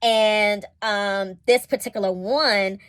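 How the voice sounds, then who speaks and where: A woman talking through TV episodes in a casual vlog review, her voice at a middle pitch. She is chatty and expressive, with laughter and colloquial asides, and she drifts into digressions before she gets back on track. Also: slow. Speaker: series reviewer.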